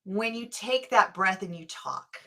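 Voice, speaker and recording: A woman's voice: mid-range voice, measured pace, pushed and bright. A woman hosting a parenting podcast, talking earnestly and thinking aloud. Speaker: podcast host. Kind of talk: podcast interview.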